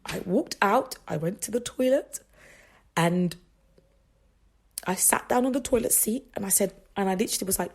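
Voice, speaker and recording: A woman's voice: medium pitch, lively intonation, normal speed, long pauses, slightly rough. A woman hosting a faith radio show, telling personal stories in a chatty, rambling way with frequent laughs and restarts. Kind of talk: casual faith talk monologue.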